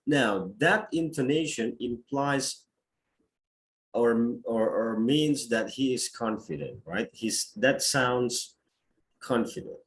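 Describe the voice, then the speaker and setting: A man's voice: medium pitch, slow, a bit bright. A man teaching a test-prep lesson, explaining step by step and checking in with frequent "okay"s.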